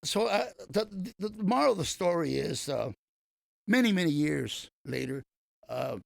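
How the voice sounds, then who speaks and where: Older male comedian, raspy and fairly high-pitched, dry studio sound, meandering anecdotes full of restarts. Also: lively intonation, unhurried, dry recording. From East Los Angeles. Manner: rambling anecdotes with many restarts and fillers. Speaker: comedian guest. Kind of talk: casual storytelling interview. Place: radio studio.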